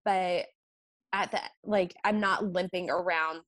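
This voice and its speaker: A pregnant registered nurse, appearing as a guest, chats casually and acts out her patients' requests while telling her stories. Her voice is on the low side and a bit bright, slow and steady in tone, recorded without echo.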